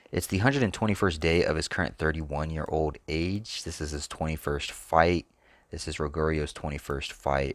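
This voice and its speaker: A man's voice: rumbling low, fairly bright tone, dry recording. A man hosting a sports picks channel, talking casually and thinking aloud, hesitant and trailing off often. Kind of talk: casual solo commentary.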